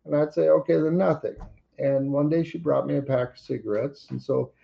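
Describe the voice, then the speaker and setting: A man's voice: mid-range voice, steady tone, a little fast, gravelly, dull audio. An older man wryly telling his daughter a personal story over a computer call. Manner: wry, plainspoken storytelling.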